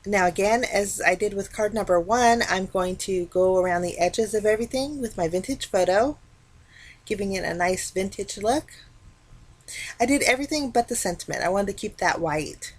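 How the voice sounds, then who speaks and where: A woman talking casually through a card-making tutorial, explaining each step in a relaxed, chatty way. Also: medium pitch, moderate pace. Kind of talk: casual craft tutorial narration.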